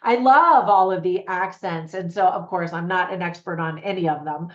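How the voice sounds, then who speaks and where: A woman's voice: fairly low pitch, moderate pace. An American woman chatting casually as a movie reviewer, upbeat and talking straight to her viewers. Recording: roomy echo, slightly dull sound.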